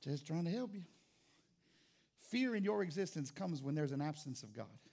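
A middle-aged man preaching a sermon as pastor, with dynamic delivery that swings from quiet to loud. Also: on the high side, big pitch swings, moderate pace.

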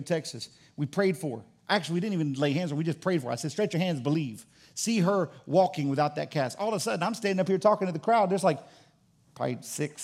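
A male pastor preaching a fervent sermon, swinging from loud calls to hushed asides. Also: a little high.

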